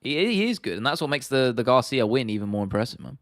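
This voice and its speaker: A man's voice: mid-range voice, very animated, quick pace, no echo, studio quality. A young man with a London accent hosting a casual livestream Q&A, chatting loosely as he reads and answers viewer comments. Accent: London English. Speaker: livestream host.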